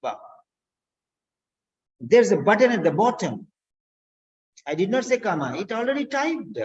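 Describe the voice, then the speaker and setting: A language teacher giving an instructional lesson, speaking slowly and deliberately and repeating key words. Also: medium pitch, big pitch swings. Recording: dull lo-fi recording.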